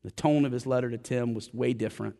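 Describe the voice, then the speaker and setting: A man's voice: medium pitch, steady tone, fast talker, gravelly, dark tone, big-room sound. A man preaching a sermon in a church, impassioned and direct, with a joking aside now and then. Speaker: pastor. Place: church sanctuary.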